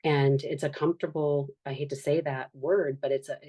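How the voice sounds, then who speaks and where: In a candid podcast conversation, a woman in her fifties, an author and social worker, reflects earnestly on her life and acts out the voices she quotes. Her deep, mellow voice keeps a fairly even intonation at a normal pace.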